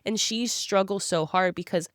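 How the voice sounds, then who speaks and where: A woman co-hosting a book club podcast in casual chat, animated and slipping into quick character voices as she talks. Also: medium pitch, dry recording, clean studio sound. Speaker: podcast co-host.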